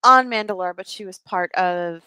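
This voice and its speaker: A woman's voice: on the low side, moderate pace, pushed and bright, smooth, no room sound, rough recording. A woman co-hosting a casual fan discussion stream, thoughtful and explaining points at length on a home microphone. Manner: thoughtful, explains at length, reads out viewer comments. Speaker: podcast co-host. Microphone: home mic on a video call.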